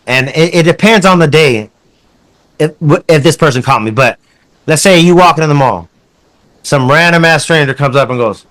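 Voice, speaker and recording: Podcast host, male, slightly higher voice, rambling and profane. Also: moderate pace, fairly bright tone. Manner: rambling, profane, many restarts. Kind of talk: casual chat.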